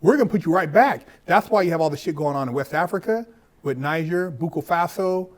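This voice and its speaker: A fairly high-pitched man hosting a podcast. He talks in a loose, animated way, swears freely and acts out the people he quotes. He sounds middle-aged. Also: fast talker. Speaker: podcast host. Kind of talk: casual conversation.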